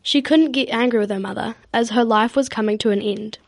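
A woman reading a children's story aloud in a steady narrating manner. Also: fairly high pitch, a little fast, no room sound.

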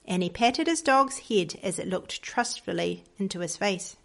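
A woman giving a Christian devotional lesson and reading a story aloud in an earnest, slow manner. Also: mid-range voice, creaky. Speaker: Christian children's teacher.

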